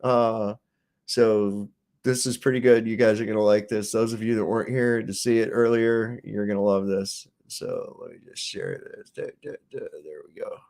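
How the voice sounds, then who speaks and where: A man's voice: on the low side, fairly even intonation, moderate pace, darkish tone. A man hosting a casual livestream, talking in a profane, mocking and exasperated way. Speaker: livestream host.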